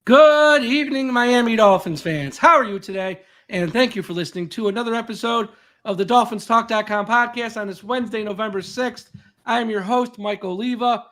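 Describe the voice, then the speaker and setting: A man hosting a podcast, hoarse and voice cracking from a cold, upbeat and chatty with his guests. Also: very high voice, a little fast, fairly bright tone, soft background music. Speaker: podcast host. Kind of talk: casual interview chat.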